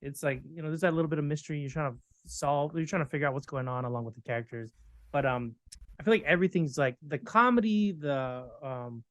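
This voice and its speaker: A man's voice: a little high, fast talker, a bit bright, dry recording. A man co-hosting a casual pop-culture podcast, talking in a laid-back, hesitant way with many ums and likes. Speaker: podcast co-host. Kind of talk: casual chat.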